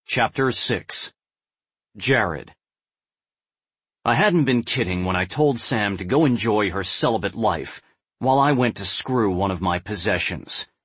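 A young adult man narrating a first-person novel in a measured, brooding way. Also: fairly low pitch, lively intonation, a bit bright, slightly rough, no echo. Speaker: audiobook narrator.

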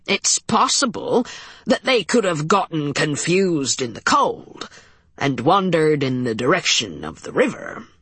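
A woman voicing an Irish police captain in an audiobook, speaking slowly and measuredly with an Irish accent. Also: fairly low pitch, fairly bright tone, breathy edge, no echo, exaggerated voice. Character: burly Irish police captain, gruff but reassuring. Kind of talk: audiobook character voice.

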